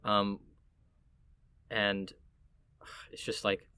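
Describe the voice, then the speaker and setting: A man from Puerto Rico in casual conversation, chatty and quick to laugh as he tells stories. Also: fairly low pitch, clean tone, dry recording. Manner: chatty, animated storytelling, laughs easily.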